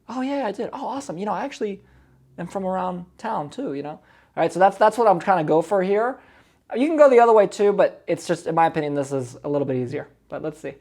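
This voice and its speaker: A man coaching viewers in a quick, explanatory way, breaking down his own recorded cold calls with frequent repetitions and asides. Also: high-pitched, lively intonation, darkish tone. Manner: quick, explanatory, repeats himself. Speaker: real estate business coach.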